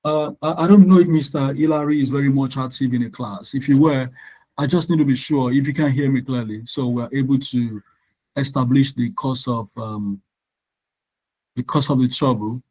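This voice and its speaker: A male tutor leads a live online lesson, working through exam questions with students at a measured, explanatory pace. His mellow voice has an ordinary middle pitch, and he pauses now and then to ask if the class can hear him through his computer mic. The recording quality is low.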